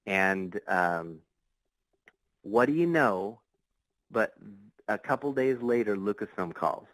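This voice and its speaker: A man's voice: fairly low pitch, animated, takes it slowly, fairly bright tone, dry recording, poor audio. A man, a podcast guest, telling a long story in a casual, rambling way, full of fillers and restarts. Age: adult.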